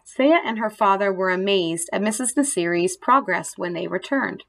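A woman narrating a children's storybook in a gentle, expressive read-aloud manner. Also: mid-range voice, normal speed, vocal fry.

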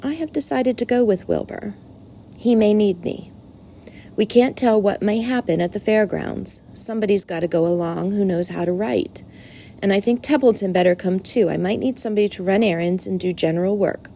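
A woman voicing a calm, clever female spider in a storybook reading, softly spoken. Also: mid-range voice, normal speed, slight background noise, lightly acted. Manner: soft, composed.

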